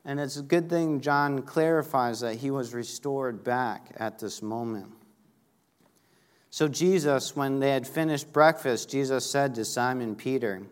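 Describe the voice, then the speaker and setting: Male preacher, mid-pitched, casual sermon delivery that swells for key lines. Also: measured pace, clear, resonant tone. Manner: conversational, rises to emphatic peaks when reading scripture. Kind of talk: sermon reading and explaining scripture.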